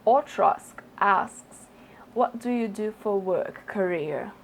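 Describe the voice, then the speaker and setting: A Brazilian woman who learned her English in London, speaking with crisp, careful, slightly posh pronunciation while answering viewer questions in a casual vlog, a little unwell. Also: medium pitch, slow, slight background noise, low-quality recording. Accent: British English learned in London, Brazilian speaker. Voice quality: precise, careful enunciation that sounds a bit posh. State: unwell, under the weather.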